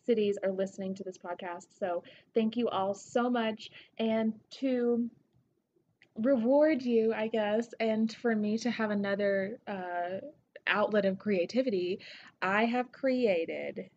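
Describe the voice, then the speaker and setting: A woman from Tennessee with a Southern accent, hosting her podcast in an excitable, gushing, casual way that swears freely. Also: fairly high pitch, measured pace, lo-fi sound, a little hiss or hum. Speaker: podcast host. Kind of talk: casual solo podcast shout-outs.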